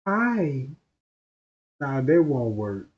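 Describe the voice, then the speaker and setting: A man's voice: high-pitched, expressive, measured pace, dull audio. A man doing rowdy, profane comedic commentary on a stream.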